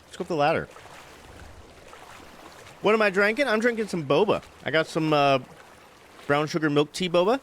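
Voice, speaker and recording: A man's voice: a little high, normal speed, pauses often, fairly bright tone, slight background noise. A young man rambling through casual stories while streaming a game, laughing often, with many fillers. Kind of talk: casual let's-play chat.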